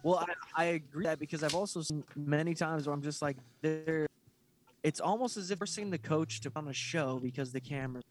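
A man's voice: on the high side, a little fast. A man with a slightly raised voice chats about fights on a casual podcast. He talks hesitantly, restarting and searching for his words. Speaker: podcast co-host. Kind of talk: casual fight-talk chat.

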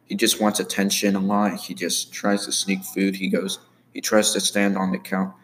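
A man casually commenting on his own animated series, rambling with many fillers. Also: low-pitched, moderate pace, slight background noise.

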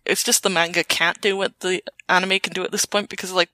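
Man, podcast guest, relaxed manga commentary, bright voice, dry recording. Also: high-pitched, fairly quick, no echo. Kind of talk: casual chat.

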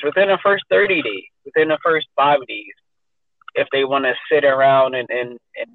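A man's voice: medium pitch, no echo. A man co-hosting a podcast, talking loosely and rambling with lots of fillers. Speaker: podcast co-host. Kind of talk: casual podcast chat. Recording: tinny phone-line sound.

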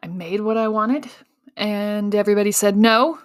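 A woman's voice: mid-range voice, fairly even intonation, normal speed, clear, resonant tone, no echo, clean studio sound. A woman hosting a solo podcast, telling her story in a candid, self-mocking way with casual fillers. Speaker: podcast host.

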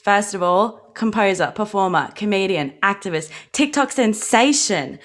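A woman's voice: mid-range voice, lively intonation, normal speed. A woman in her twenties with an Australian accent, hosting a podcast in casual chat, bubbly and gushing and swearing freely. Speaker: podcast host.

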